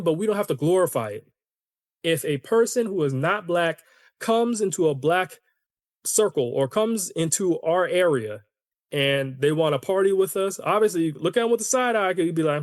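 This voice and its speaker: A man hosting a solo podcast, ranting in an animated, opinionated way and talking to his listeners as "y'all". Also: high-pitched, normal speed, no room sound, clean studio sound. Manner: conversational, addresses listeners as y'all. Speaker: podcast host.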